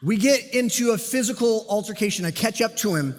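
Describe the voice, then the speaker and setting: Guy preaching in church, higher voice, lots of hall echo, tells it like a story. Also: a little fast. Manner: animated storytelling with self-deprecating humor. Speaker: pastor and police officer. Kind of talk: sermon with personal story. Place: church sanctuary. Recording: long hall reverb.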